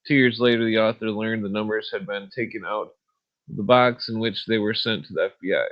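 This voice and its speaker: A man's voice: fairly low pitch, a little fast, muffled recording. A man hosting a podcast in a laid-back, rambling way, chuckling and trailing off with fillers, then reading aloud from a book. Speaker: podcast host.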